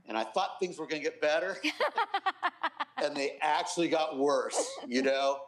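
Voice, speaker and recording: A middle-aged man, a pastor, giving an earnest personal testimony in an interview, softly quoting others as he tells it. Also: fairly high pitch, very animated, measured pace, echoey room, rough recording. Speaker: pastor and guest.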